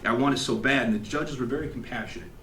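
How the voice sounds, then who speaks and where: A man giving an emotional, animated storytelling speech to an audience at an event, acting out what people said. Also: medium pitch, fast talker, a little hiss or hum. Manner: animated, acts out quotes, laughs along. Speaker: graduating student giving a speech. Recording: echoey hall, faint ambience.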